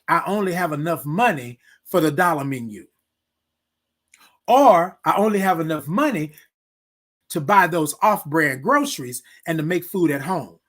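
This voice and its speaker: A man's voice: fairly high pitch, fairly bright tone. A man hosting a live morning stream, giving motivational talk straight to his viewers and repeating his key points. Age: adult, military veteran. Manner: preachy, repeats key phrases, talks to viewers directly. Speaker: host of a live morning show.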